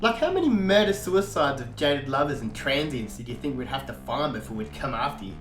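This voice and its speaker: A man's voice: mid-range voice, very animated, fairly quick, fairly bright tone. A man voicing a cocky, sarcastic male biker vampire hunter in a mocking, taunting manner. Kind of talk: audiobook character reading. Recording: echoey room, faint guitar music.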